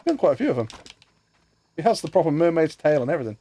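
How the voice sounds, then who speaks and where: A man's voice: fairly high pitch, sing-song, fast, warm tone, slightly rough. A man chatting casually and joking with friends while streaming a video game, muttering to himself as he plays. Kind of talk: casual gaming livestream chat.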